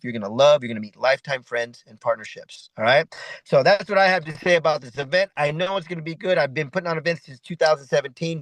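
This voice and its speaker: A man's voice: fairly high pitch, a bit bright, no room sound, low-quality recording. A middle-aged man giving a motivational talk as an event host, preachy and repetitive, often adding "right?". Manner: repetitive, preachy, full of 'right?' asides.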